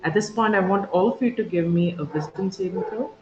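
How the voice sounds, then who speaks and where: A medium-pitched game master describes a tabletop scene vividly, though haltingly, stumbling through fillers and restarts. Faint music plays in a roomy, dull-sounding recording.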